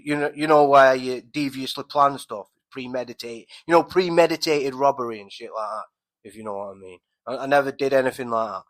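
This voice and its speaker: Bright-voiced rambling man. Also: mid-range voice, low-quality recording. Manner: rambling, swears constantly, many restarts and fillers. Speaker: podcast host. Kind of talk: casual storytelling monologue. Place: at home, by a window on a street.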